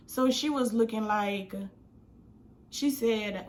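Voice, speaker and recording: Young woman vlogger, slangy and animated, bright lively delivery with a faint hiss behind. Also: on the high side, a little slow. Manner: animated, slangy, acts out quotes. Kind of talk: casual storytime.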